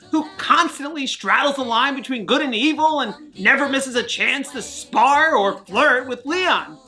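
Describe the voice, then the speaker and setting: Brief: woman host reading a game review script, wry and jokey, crisp bright tone, lively intonation. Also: sits high.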